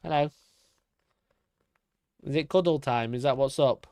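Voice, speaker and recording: Male streamer, young adult, casual and sweary, frequent laughs, medium pitch, dry close sound. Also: unhurried, a little mellow, no echo. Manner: sweary, laughs often, talks to his cat. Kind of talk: casual live-stream chat.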